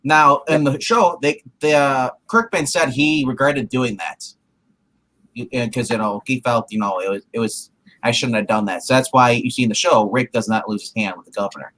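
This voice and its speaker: A man co-hosts a comic review in loose, casual talk. His voice has a middle pitch, and he leans on "you know" and "like" as he goes. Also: normal speed, fairly bright tone. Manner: filler-heavy, chatty. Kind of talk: casual chat.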